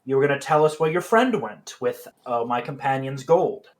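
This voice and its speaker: A man voicing a cold, smug male anatomist surgeon who speaks calmly, with menace and a lecturing tone. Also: mid-range voice, normal speed, natural voice.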